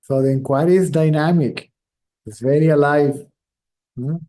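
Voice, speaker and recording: A middle-aged man, a native Spanish speaker, teaching in a slow, reflective way. His voice sits a little high but sounds very soft and dark, and he circles back over his own phrases as he feels for the right word. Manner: slow, measured, repeats phrases while searching for words. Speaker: spiritual teacher. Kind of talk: reflective spiritual talk.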